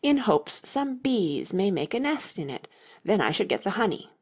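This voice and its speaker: A woman's voice: mid-range voice, very animated, normal speed, husky. A woman voicing a fussy, earnest old male knight inventor in an audiobook reading. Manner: earnest, anxious, solemn.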